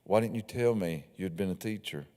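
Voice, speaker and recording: A man's voice: low voice, a little fast, mellow, close to an everyday voice. A man reading the questions of a young male refugee, in his own plain voice, recorded in an echoey hall. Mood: curious.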